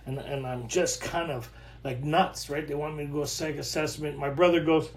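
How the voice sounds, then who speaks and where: Recorded from home in what sounds like an echoing, bare room, a middle-aged man with a high voice tells stories casually at a moderate pace. He's a recovery workshop speaker, lively and quick to laugh, often repeating phrases to drive a point home.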